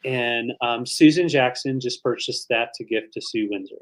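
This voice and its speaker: A man's voice: mid-range voice, moderate pace, a little hiss or hum. A man co-hosting a live online vintage sale, chatty and rambling, showing items and thanking viewers. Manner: chatty, rambling with fillers, emotional. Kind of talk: live online auction chat.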